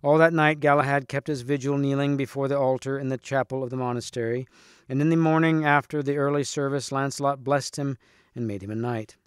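A man reading a storybook aloud in a steady, clear narrating manner. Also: medium pitch, a little fast, no echo, clean studio sound. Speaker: reader.

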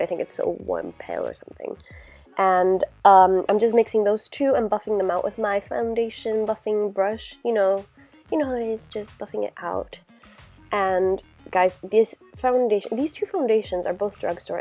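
Young woman, stuffy congested voice, mellow tone, rambling casual tutorial chat, faint music behind. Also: mid-range voice. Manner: chatty, rambling, lots of "like" and "you know". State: congested from a cold. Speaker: beauty vlogger. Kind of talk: casual makeup tutorial talk.

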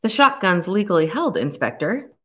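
A woman's voice: mid-range voice, very animated, a bit bright, breathy edge, pitched above the performer's own voice. A woman doing a defensive bald man. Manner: quick and defensive.

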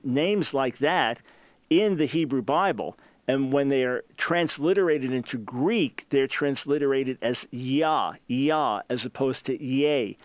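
A man's voice: medium pitch, dry recording. A man hosting a radio talk show, answering a listener's question with emphatic, scholarly explanation.

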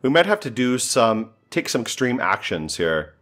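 A man's voice: mid-range voice, very animated, moderate pace, fairly bright tone. A man giving casual, joking commentary while playing a strategy game, thinking aloud and sounding exasperated. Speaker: gameplay streamer.

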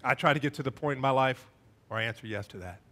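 A middle-aged man preaching a sermon as a church pastor, animated, acting out quoted voices with wide swings in pitch. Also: quick pace. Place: church sanctuary.

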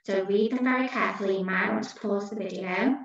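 A woman teacher talks pupils through a recorded lesson, patient and encouraging, going over each answer step by step. Her voice has a gravelly edge. The sound is dull and very echoey, picked up from a distance. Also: mid-range voice, fairly quick. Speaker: primary school teacher.

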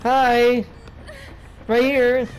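A man's voice: extremely high pitch, completely flat delivery, very slow, a little hiss or hum, rough recording. A drunk man giving rambling, taunting commentary on his own gameplay. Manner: taunting, rambling, talks to the game. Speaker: gamer streaming his play.

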